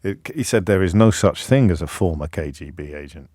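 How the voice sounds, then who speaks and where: A British radio phone-in host, a middle-aged man, speaking in a wry, conversational way. His voice sits low and the studio sound is dry and close. He often stumbles and restarts his sentences. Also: lively intonation, brisk, darkish tone, no echo. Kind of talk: talk radio monologue. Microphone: close studio mic.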